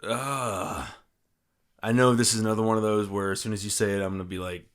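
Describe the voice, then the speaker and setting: A man's voice: fairly low pitch, fairly even intonation, fairly quick. A man co-hosting a podcast, talking casually and thinking aloud as he tries to guess a movie. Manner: thinks aloud, muttering to himself. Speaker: podcast co-host, guessing player. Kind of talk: casual chat.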